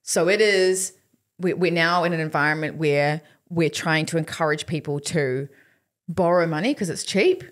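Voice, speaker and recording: A woman's voice: sits low, moderate pace. New Zealand woman explaining economics. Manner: explanatory, acts out quotes. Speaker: podcast co-host. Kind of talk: casual chat.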